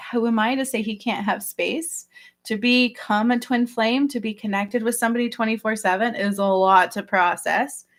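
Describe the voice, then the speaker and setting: Earnest woman talking straight to viewers. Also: medium pitch. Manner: earnest, repetitive, addresses viewers directly. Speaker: spiritual healer. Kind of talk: livestream talk to viewers.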